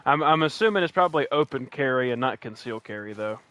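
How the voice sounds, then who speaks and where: A fast-talking man from West Virginia, medium-pitched with a sharp tone, gives animated, joking commentary on a hunting game he's streaming. He rambles and keeps restarting his sentences, his West Virginian accent clear.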